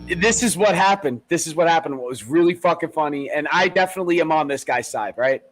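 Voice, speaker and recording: A podcast co-host with a high voice for a man, chatting casually. He tells stories with energy, swearing freely and acting out the lines of the people in them. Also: fast talker, soft background music, low-quality recording. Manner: animated retelling with profanity and acted-out quotes. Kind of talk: casual chat.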